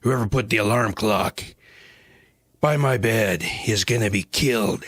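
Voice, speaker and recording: A man's voice: lowish voice, a little slow, a bit bright, dry recording, studio quality, pitched above the performer's own voice. An older man voicing an angry young man making a blustering threat. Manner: indignant, blustering.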